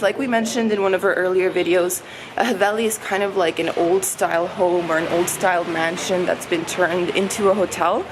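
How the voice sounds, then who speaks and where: Upbeat woman giving a walking hotel tour. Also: medium pitch. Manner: upbeat, chatty tour guiding. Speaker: travel vlog host. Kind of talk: walking room-tour narration. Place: old haveli hotel, stairs and courtyards. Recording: noticeable background noise.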